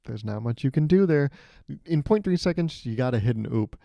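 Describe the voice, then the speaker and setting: A man's voice: mid-range voice, lively intonation, fairly quick, creaky, dry recording. A young man hosting a solo podcast, telling rambling stories with a sarcastic edge. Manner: rambling and sarcastic, acts out loud voices. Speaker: podcast host. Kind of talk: solo comedic storytelling.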